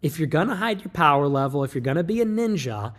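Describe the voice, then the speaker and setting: Rambling man with a slightly high voice. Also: very animated. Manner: rambling, self-interrupting, quick asides. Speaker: political streamer. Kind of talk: livestream monologue.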